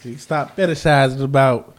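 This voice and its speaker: A man's voice: mid-range voice, steady tone, normal speed, a crowd in the background. A man co-hosting a podcast, talking bluntly and profanely in casual banter. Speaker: podcast co-host.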